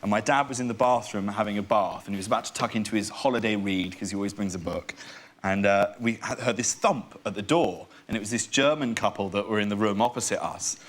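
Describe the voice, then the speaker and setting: A young English man, a comedian guest on a chat show, telling an animated anecdote. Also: fairly low pitch, fast. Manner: animated storytelling.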